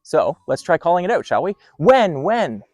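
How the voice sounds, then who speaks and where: An upbeat man hosts an outdoor educational segment beside wooded trails. His voice sits fairly high and moves around a lot as he explains things playfully. It sounds close and dry, with faint music in the background. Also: sing-song, fast, no room sound. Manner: upbeat and playful, doing owl calls. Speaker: park host.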